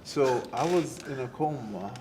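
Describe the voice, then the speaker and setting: A middle-aged man, a former boxer, telling his story in an interview. He speaks softly and haltingly, often repeating words as he recalls events. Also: mid-range voice, lively intonation. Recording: noisy on-site recording.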